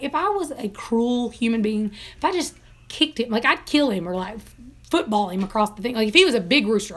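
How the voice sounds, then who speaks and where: A woman's voice: a little high, fairly bright tone. A young woman chatting casually in a home vlog, telling rambling stories and laughing often. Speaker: vlogger.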